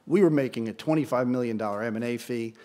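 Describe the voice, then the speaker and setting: A man's voice: mid-range voice, quick pace, warm tone. A man in his sixties gives a speech to an audience at an event. He tells an anecdote with dry, self-deprecating asides. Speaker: award ceremony speaker. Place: event hall before an audience.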